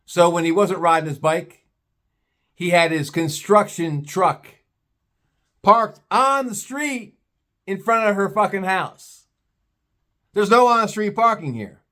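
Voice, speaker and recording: A man's voice: high-pitched, slow pace, pauses often, sharp tone. A man telling a story in a blunt, profane, scornful rant, slipping into put-on voices for other people. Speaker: vlogger. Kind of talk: ranting storytelling monologue.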